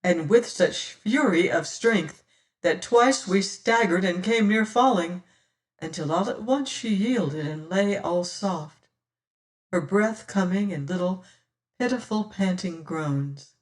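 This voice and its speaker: Slow, measured audiobook narrator. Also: mid-range voice, distant mic. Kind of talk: first-person audiobook narration.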